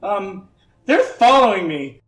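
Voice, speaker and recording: A man's voice: high voice, big pitch swings, slow pace, fairly bright tone, full character voice. A man voicing an anxious young male doctoral student mage who rambles and pleads, recorded in an echoey room from a distant mic with faint music.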